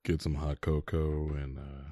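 A woman's voice: rumbling low, flat delivery, unhurried, warm tone. A woman chatting casually on a podcast, laid-back and agreeable. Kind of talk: casual chat.

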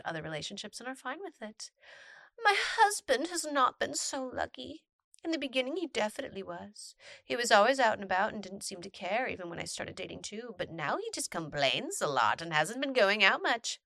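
A woman reads a personal story aloud with a bright, forward voice that swings up and down as she goes. She breaks off now and then for playful comments. The sound is close and dry, with no room around it. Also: medium pitch, no room sound. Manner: animated, playful reactions between readings. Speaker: storytime narrator reading posts. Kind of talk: reading a post aloud with commentary.

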